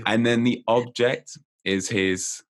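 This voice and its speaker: This podcast guest is a memory coach with a mid-range voice who takes his time. He chats casually about memory techniques, staying lively and playful and laughing a lot along the way.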